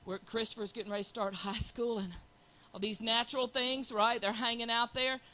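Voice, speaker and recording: A woman's voice: a little high, level tone, fairly quick, sharp tone, rough recording. A middle-aged woman giving an earnest, folksy church testimony and telling a personal story. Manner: earnest, storytelling, Southern colloquial.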